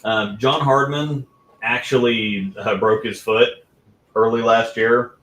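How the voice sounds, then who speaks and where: A man's voice: medium pitch, fairly even intonation, slow, a bit bright. A man co-hosting a podcast in casual chat, rambling with many restarts and fillers. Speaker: podcast co-host. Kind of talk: casual chat about bowling. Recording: roomy echo.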